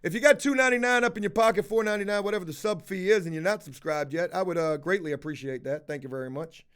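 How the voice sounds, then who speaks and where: On a casual live stream, a man with a high, clear, resonant voice talks fast. Profane and animated, he tells a story while shouting out viewers in the chat.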